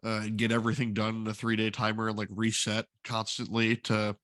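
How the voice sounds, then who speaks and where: A man's voice: fairly low pitch, completely flat delivery, a little fast, a bit bright, dry recording, clean studio sound. A man co-hosting a casual gaming podcast, explaining game history with trivia. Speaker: podcast co-host.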